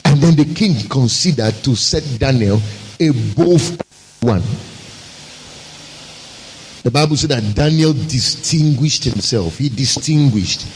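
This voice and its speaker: A man's voice: mid-range voice, expressive, takes it slowly, long pauses, a little mellow, slight background noise, low-quality recording. Emphatic man preaching a sermon. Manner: emphatic, rhetorical preaching with repeated phrases. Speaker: pastor.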